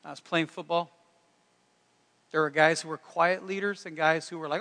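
Bright, high-voiced preacher in a big hall. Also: male voice, normal speed. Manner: animated, folksy, jumps into loud shouted impressions. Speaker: pastor. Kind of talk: sermon.

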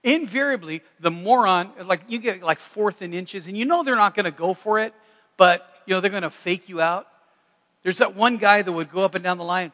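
A man preaching a sermon in a folksy, animated way, breaking into loud shouted impressions. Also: sits high, normal speed, big-room sound. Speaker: pastor.

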